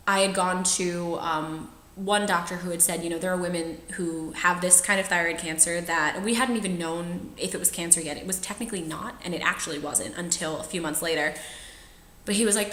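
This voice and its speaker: Young woman vlogger, frank and chatty, bright forceful tone, roomy echo; casual storytelling to camera. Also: lowish voice. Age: 20s. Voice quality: trained singer's voice. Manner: chatty, frank, laughs often while telling. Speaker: vlogger sharing personal experience.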